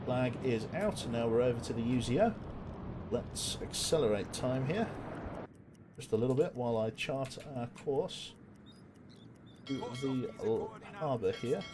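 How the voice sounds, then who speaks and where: A man's voice: medium pitch, expressive, measured pace, pauses often, background noise. Chatty man streaming a submarine game. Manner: chatty, jokey, swears, talks to chat. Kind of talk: casual gameplay commentary.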